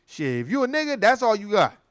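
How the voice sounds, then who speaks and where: Animated man telling stories. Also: high voice, fairly quick, no room sound. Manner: animated storytelling, acts out voices. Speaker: commentator. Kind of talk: casual profane monologue.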